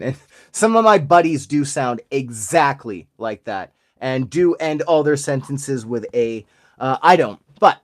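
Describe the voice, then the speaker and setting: A man in his forties from Alberta with an Albertan Canadian accent, hosting his channel and chatting jokily with viewers while opening card packs. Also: mid-range voice. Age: 40s. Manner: jokey, chatty, addresses viewers.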